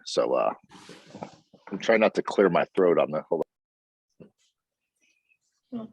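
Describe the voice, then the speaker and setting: Deep husky man on a video call. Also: expressive, no echo. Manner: halting, coughing, with filler pauses. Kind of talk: casual chat. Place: outdoors by a house in the sun. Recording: dull lo-fi video call audio.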